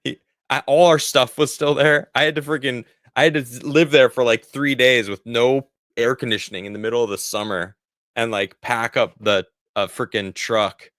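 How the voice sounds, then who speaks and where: A man's voice: mid-range voice, steady tone, normal speed, a bit bright, no room sound, clean studio sound. A man in his forties, rambling in a casual livestream as he answers viewer chat, often laughing. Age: 40s. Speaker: streamer reading viewer chat.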